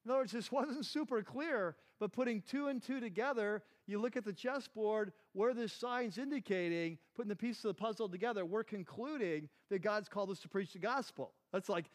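A man's voice: high voice, animated, a little fast. A man giving a conversational sermon as a Bible teacher, asking his listeners questions and often saying "like" and "right.". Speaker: pastor teaching a Bible class.

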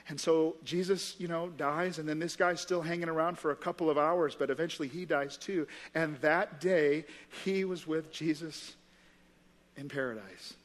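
A man's voice: on the high side, normal speed, big-room sound. A male pastor preaching a sermon in a conversational, earnest way, recorded in a church auditorium. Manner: conversational, earnest, lots of fillers.

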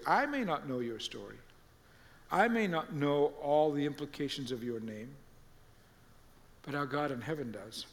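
Animated preaching man in a reverberant room. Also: a little high. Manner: animated storytelling, acting out quoted voices. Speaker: pastor. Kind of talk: sermon.

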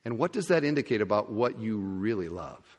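Guy pastor preaching, lively storyteller, acts stuff out, long church-hall echo. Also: fairly low pitch, brisk. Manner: animated storytelling, acting out scenes. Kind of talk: sermon.

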